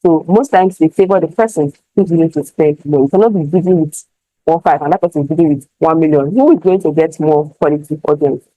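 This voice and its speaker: Mellow ads tutor. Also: mid-range voice, fast talker, dry recording, rough recording. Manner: explanatory, checks in with the listener often. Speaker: online marketing tutor. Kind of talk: screen-share tutorial.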